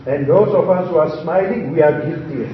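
A man's voice: fairly high pitch, fairly quick, background noise. A male Islamic preacher delivering a sermon, telling stories with humorous asides to his congregation. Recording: echoey hall, distant dull mic.

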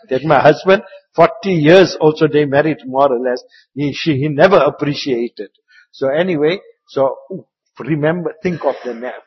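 A man giving an Islamic religious talk with stories, rambling and repeating words, sometimes dropping into soft asides. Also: a little high, moderate pace, breathy edge. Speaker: Islamic preacher. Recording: muffled, echoey hall.

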